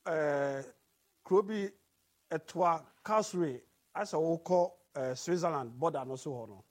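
A man hosting a casual conversation, telling stories in an animated way with English phrases mixed in. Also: a little high, unhurried.

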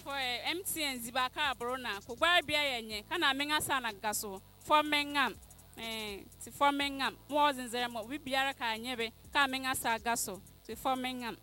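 A woman's voice: high-pitched, a little fast, bright, forceful tone, soft background music. A woman who won a prize, earnestly thanking everyone. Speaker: prize winner.

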